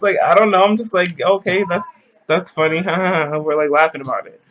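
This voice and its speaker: A man's voice: sits high, normal speed, a bit bright, muffled recording. A man telling a story in a casual vlog, loose and slangy, rambling as he goes.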